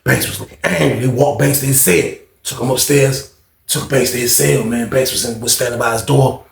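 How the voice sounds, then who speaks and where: Gravelly man telling a slangy story. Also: mid-range voice, reverberant. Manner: slangy, drawn-out street talk with lots of fillers. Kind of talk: casual storytime.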